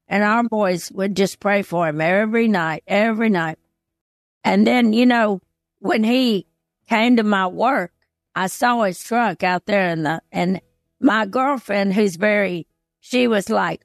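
A woman's voice: mid-range voice, a little slow, dry recording, clean studio sound, faint music behind. An older woman as an interview guest, telling a personal story in an earnest, heartfelt way. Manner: earnest, heartfelt, retells past conversations.

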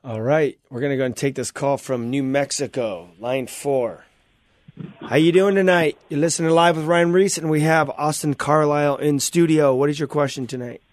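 A man's voice: on the high side, steady tone, normal speed, no room sound. Upbeat hyped male radio host. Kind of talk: live call-in radio hosting.

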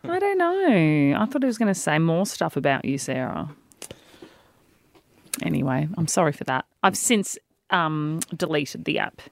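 A woman co-hosting a podcast, telling a story in a dramatic, animated way with frequent laughter. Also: deep voice, a little slow, gravelly. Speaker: podcast co-host. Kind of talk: casual chat, storytelling.

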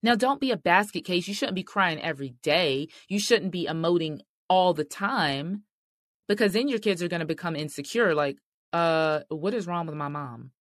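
A middle-aged woman runs a faith-based marriage podcast, talking to listeners with lively intonation at normal speed in a lowish voice, with no room sound. She's earnest and direct, using "y'all" and "sis" for her audience.

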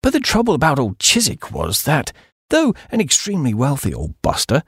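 Gravelly, husky male audiobook narrator. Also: mid-range voice, fairly quick, no echo, clean studio sound. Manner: very animated, expressive storytelling. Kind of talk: scripted comic audiobook narration.

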